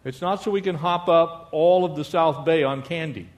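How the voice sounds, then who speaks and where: Male pastor, fairly high voice, lively sermon with call-and-response amens and jokes. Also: normal speed.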